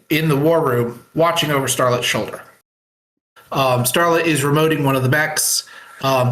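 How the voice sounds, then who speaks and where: A man talking casually on a voice call, recapping his writing with many fillers and pauses. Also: mid-range voice, fairly bright tone, reverberant, poor audio. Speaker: writer sharing his work. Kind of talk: casual online chat. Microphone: computer mic on a voice call.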